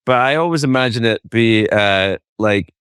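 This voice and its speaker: A man's voice: mid-range voice, moderate pace, a bit bright, smooth, no room sound. A man hosting a casual interview, musing aloud with a wry, dry sense of humor. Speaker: podcast host.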